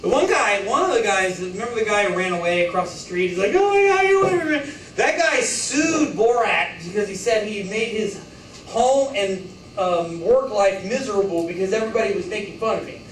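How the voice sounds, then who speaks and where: A man with a high-pitched voice lectures a college class, joking and firing rhetorical questions at his students. He is recorded from across an echoey classroom. A faint hiss sits under his voice. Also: fairly quick, distant mic. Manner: joking, rhetorical, acts out quotes. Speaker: college instructor.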